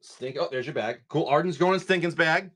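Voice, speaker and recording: A man's voice: on the high side, brisk, a bit bright. A man hosting a live card-break stream, chatting casually and rambling, with frequent restarts.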